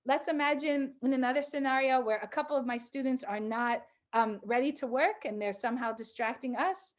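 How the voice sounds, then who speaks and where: A middle-aged woman teacher talking calmly to a group of teachers, measured, with pauses and fillers. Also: high voice.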